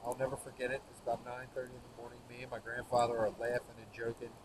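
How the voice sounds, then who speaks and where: A man's voice: mid-range voice, fast talker. A man, host of the show, telling rambling, folksy hunting stories around a campfire outdoors. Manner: folksy, rambling, laughs at his own stories. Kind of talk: casual storytelling by a campfire. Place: outdoors by an open fire. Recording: outdoor recording with steady background noise.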